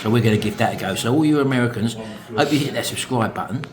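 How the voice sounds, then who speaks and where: With a crowd in the background, a middle-aged British man hosts his vlog at a quick pace in a medium-pitched voice. His chat to camera is relaxed and meandering, and he addresses his viewers as folks.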